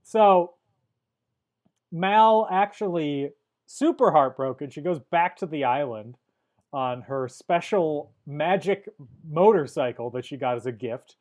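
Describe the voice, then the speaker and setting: A young man co-hosting a podcast, recapping a movie plot in casual chat with dry, deadpan jokes. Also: on the high side, takes it slowly. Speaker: podcast co-host.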